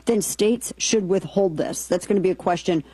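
Woman host ranting about politics, lowish mellow voice, dry close sound. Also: normal speed, husky, no echo, rough recording. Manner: emphatic, indignant, reads quotes aloud. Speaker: political talk show host. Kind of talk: opinionated political commentary.

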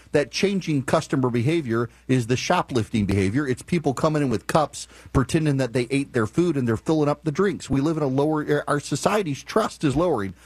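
A man telling a driving story and ranting in an animated, opinionated monologue. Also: mid-range voice, breathy edge, no echo.

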